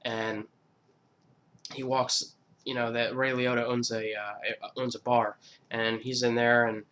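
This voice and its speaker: Male YouTuber, casual, mid-pitched, rambling and foul-mouthed, countdown host. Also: flat delivery, slow, fairly bright tone, a little hiss or hum. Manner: rambling, profane, fillers and restarts.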